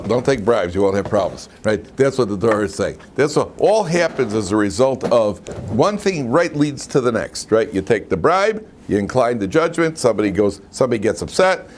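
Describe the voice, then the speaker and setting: Man, rabbi, informal class, lively questioning, classroom, faint noise. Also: fairly low pitch. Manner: lively, asks the class questions, frequent "right?".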